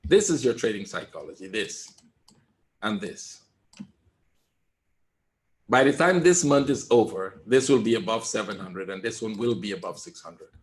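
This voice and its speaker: A man giving live trading commentary in a webinar, calm and reassuring, repeating his points and often asking "right?". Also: lowish voice, normal speed, long pauses. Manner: emphatic, talks straight to viewers. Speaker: trader teaching a webinar.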